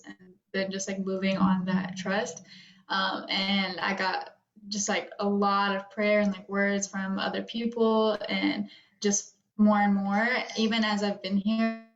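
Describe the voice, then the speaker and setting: A young woman speaking as a guest in a heartfelt chat, her voice close to tears and full of fillers and soft laughs. The room rings with echo, and the sound is dull and lo-fi. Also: mid-range voice. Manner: rambling with many fillers, tearful laughs. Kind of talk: emotional personal conversation.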